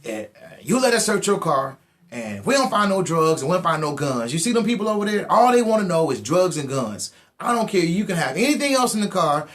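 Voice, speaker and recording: A man voicing an aggressive male police officer who mocks and shouts while telling a story. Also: high voice, sing-song, fairly quick, voice pushed up. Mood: bossy. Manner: shouting, mocking.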